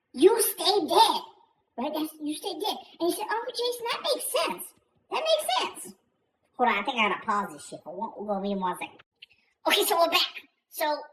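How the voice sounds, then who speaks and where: A man putting on a foul-mouthed old grandma who rambles through a comic story. Her voice sits high and swings widely in pitch. The tone is bright and sharp, and she curses freely and trips over her own words. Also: slight background noise, exaggerated voice, rough recording. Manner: profane, rambling, self-interrupting. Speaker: YouTuber.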